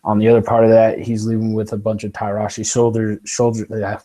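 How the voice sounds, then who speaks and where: Low, mellow-voiced man weighing things. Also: completely flat delivery. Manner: measured, weighs both sides. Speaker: podcast panelist. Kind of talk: casual book discussion.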